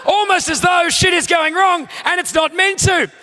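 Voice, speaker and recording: This Australian comic host trades banter with his audience in a loud, exasperated, swear-filled way. He speaks in a very high voice at a moderate pace.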